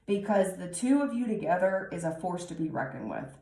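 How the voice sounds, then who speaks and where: A woman giving a tarot reading, talking slowly and musingly with many pauses and restarts. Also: lowish voice, big pitch swings, gravelly, mellow, roomy sound. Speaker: tarot reader.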